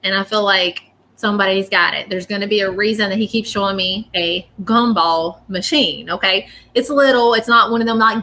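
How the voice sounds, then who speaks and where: Casting: woman psychic medium, bright forceful voice, earnest, faint ambience. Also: medium pitch, a little hiss or hum. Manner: earnest, reassuring, repeats phrases. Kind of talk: live reading.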